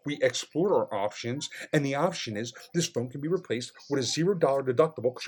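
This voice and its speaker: In a slightly rough voice, a man tells a frustrating customer-service tale a little fast and with few pauses. It's casual and animated, laced with swearing, and swings between muttering under his breath and loud outbursts.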